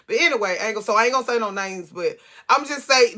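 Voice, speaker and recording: A woman's voice: a little high, animated, fast talker, sharp tone. A woman telling a personal story to camera in a casual, rambling way, cursing freely and often restarting her sentences. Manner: rambling, profane, many restarts.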